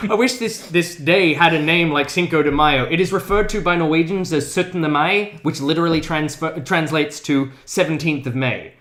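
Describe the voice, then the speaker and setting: A man's voice: on the high side, normal speed, a bit bright. A man co-hosting a casual podcast chat, explaining word meanings in a pedantic way. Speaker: podcast co-host. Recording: roomy echo.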